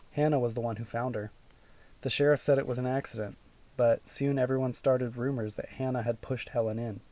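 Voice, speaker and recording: A man voicing a calm, gentle mother in an audiobook, speaking softly and steadily. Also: mid-range voice, natural voice. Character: gentle worried mother, middle-aged woman.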